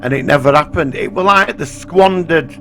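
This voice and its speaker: Blunt man, slightly high voice. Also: moderate pace, fairly bright tone, slight background noise. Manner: blunt, opinionated, swears freely. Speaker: podcast co-host. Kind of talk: casual chat.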